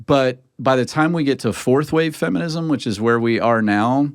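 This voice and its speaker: A pastor in a casual podcast conversation, talking earnestly and with emphatic, preaching-style rhythm. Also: male voice, mid-range voice, moderate pace, no room sound, studio quality.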